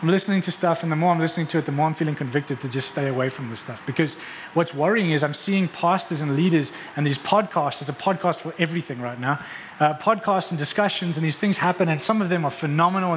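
A man preaching with a fairly high voice, pressing his points with rhetorical questions and quick restarts. His voice rings with a long reverb through a large church hall, over a faint ambience. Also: fairly bright tone, a little hiss or hum. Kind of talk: sermon.

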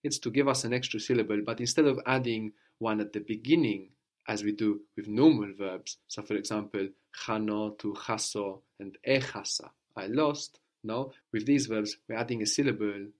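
Man, patient language teacher, lowish voice, explaining step by step. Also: moderate pace. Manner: patient, explaining, often asks "no?". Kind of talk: spoken language lesson.

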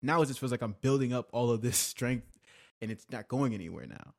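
A man's voice: mid-range voice, brisk, vocal fry. A young man hosting a casual podcast, talking candidly and confessionally, rambling with restarts. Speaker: podcast host.

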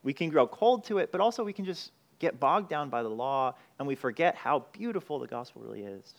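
A man's voice: mid-range voice, expressive, fairly quick, creaky. A man preaching a sermon in an earnest, conversational way, asking rhetorical questions and often restarting his phrases. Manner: frequent restarts and repeated words. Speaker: pastor.

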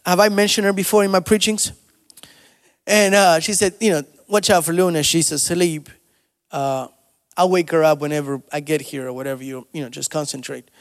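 A male pastor preaching a sermon, moving between soft storytelling asides and loud, rising exhortation. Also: on the high side, long reverb tail. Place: church sanctuary.

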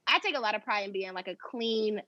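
A young adult woman hosting a podcast, telling a personal story in a candid, animated way with laughter. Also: mid-range voice, brisk, no echo, highs cut off. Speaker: podcast host. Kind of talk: casual storytelling chat.

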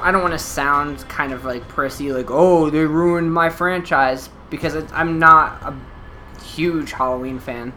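Bright-voiced man reviewing horror films. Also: mid-range voice, slight background noise. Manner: animated, swearing, many fillers. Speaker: podcast co-host. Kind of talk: casual movie review chat.

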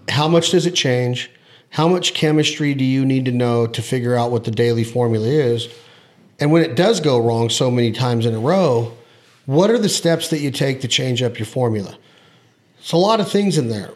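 A man hosting a casual hunting podcast, talking emphatically and swearing freely while ribbing his guests. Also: medium pitch. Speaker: podcast host.

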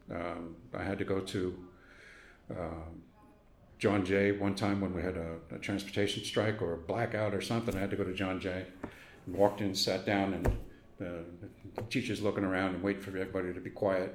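Recorded with reverb and a little hiss or hum, an older man from Brooklyn speaks in a low voice about his younger days in an oral history interview. He tells his stories with chuckles, voicing the characters himself.

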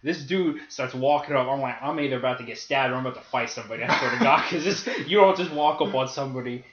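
A man's voice: mid-range voice, fast talker, noisy background. Profane young man telling stories. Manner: profane, animated storytelling with laughter. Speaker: podcast co-host. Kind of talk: casual storytelling chat. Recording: roomy, dull lo-fi podcast audio.

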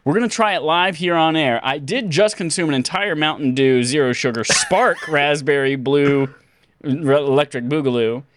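A man's voice: a little high, moderate pace, a bit bright. A man hosting a casual gaming podcast, goofy and jokey, slipping into silly voices. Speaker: podcast host.

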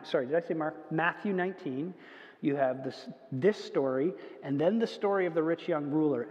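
A man with a high voice preaches a conversational sermon, now and then putting on the whiny voices of little children. The sound is dull and lo-fi, with a long reverb trailing off the walls of a large hall. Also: darkish tone. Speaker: pastor.

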